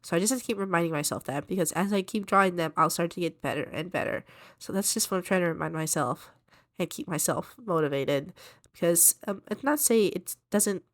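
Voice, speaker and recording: A woman's voice: on the low side, a little fast. A woman with a stuffy voice from allergies, chatting casually and self-deprecatingly in an art vlog as she draws. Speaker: art vlogger. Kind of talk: casual chat while drawing.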